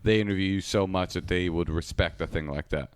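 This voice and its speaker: A man's voice: low-pitched, brisk, clean tone, dry recording, clean studio sound. A man co-hosting a podcast, asking wry questions in casual chat. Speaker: podcast co-host, comedian.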